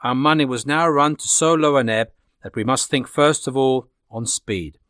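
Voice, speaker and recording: A man narrating a classic adventure novel in a steady, plain reading voice. His pitch sits in the middle range. The recording is dry and close, with no audible room. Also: normal speed, no echo. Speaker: audiobook narrator. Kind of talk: audiobook narration.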